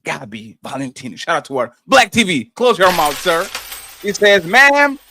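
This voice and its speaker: A man hosting a live stream, loudly reading out and reacting to chat messages. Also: on the high side, moderate pace, slight background noise. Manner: loud, animated, shouts out chatters. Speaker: livestream host.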